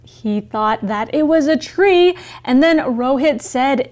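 A woman with a high voice leads learners back through a story, speaking slowly and clearly. She explains each step in plain words. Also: lively intonation, a little mellow. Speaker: co-host and teacher.

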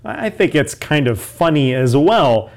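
A man's voice: fairly high pitch, big pitch swings, unhurried. A man co-hosting a lesson, explaining a story and defining words for learners. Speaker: co-host and teacher.

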